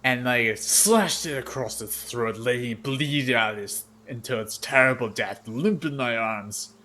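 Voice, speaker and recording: A man voicing a boastful male Earth Genasi warrior who tells bloody battle stories loudly. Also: a little slow, a little hiss or hum. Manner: booming, swaggering storyteller.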